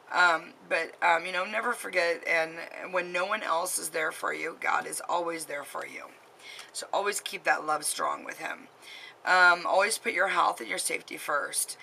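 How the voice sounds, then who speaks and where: A woman's voice: low-pitched, vocal fry, sharp tone, a little hiss or hum, low-quality recording. A woman in her late thirties giving heartfelt, rambling advice straight to camera, full of fillers and repeats. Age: 30s. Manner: earnest, rambling, full of "you know" and "um". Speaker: vlogger giving advice to teen girls.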